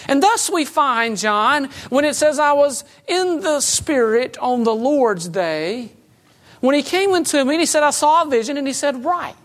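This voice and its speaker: A woman preaching a sermon in a conversational way, with light humor and emphatic swings between loud and soft. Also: high-pitched, animated, normal speed.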